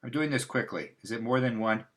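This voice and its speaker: A man's voice: mid-range voice, fairly quick, a bit bright. A man hosting a casual livestream, talking in a loose, rambling way with restarts and asides. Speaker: host. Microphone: livestream mic.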